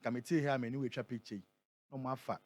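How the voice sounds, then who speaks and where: A Ghanaian man who is a prophet, speaking in a radio interview and reading scripture aloud, slowing down and building on the key words. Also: medium pitch, fairly even intonation, darkish tone, no room sound. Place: radio studio.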